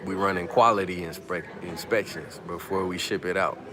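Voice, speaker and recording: Low-voiced guy streaming from his phone in a media room, easygoing slang, crowd talking in the background. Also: level tone, normal speed. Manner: laid-back slang, reads out viewer comments. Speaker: livestream host. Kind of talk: casual live chat with viewers. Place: press conference media room.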